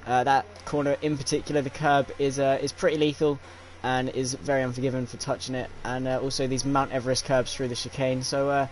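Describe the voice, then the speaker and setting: A young man commentating a sim racing league stream, with many fillers and pauses. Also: mid-range voice, level tone, a little hiss or hum. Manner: filler-heavy, hesitant play-by-play. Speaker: lead commentator.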